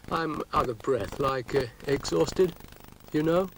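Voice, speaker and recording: Sleepy hippie rabbit, slow and drawling, voiced by a man, storybook. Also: a little high, noisy background, pitched above the performer's own voice. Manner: drawling, laid-back.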